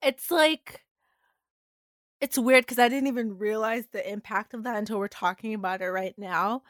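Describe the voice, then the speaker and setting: A woman's voice: a little high, moderate pace, fairly bright tone, dry recording, studio quality. Earnest woman podcast co-host. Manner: earnest, emphatic, heavy on "like". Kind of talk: casual chat.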